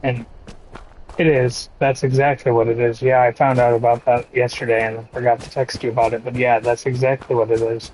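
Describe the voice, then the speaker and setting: Slow-talking laid-back man streaming. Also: mid-range voice, flat delivery, darkish tone, a little hiss or hum, low-quality recording. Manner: slow, laid-back, profane banter with chat. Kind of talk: casual gaming stream chat.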